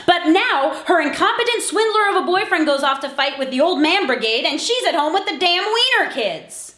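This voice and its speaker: Exasperated female film reviewer, high and very lively voice, echoey room. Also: moderate pace. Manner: exasperated, animated ranting. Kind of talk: scripted review commentary.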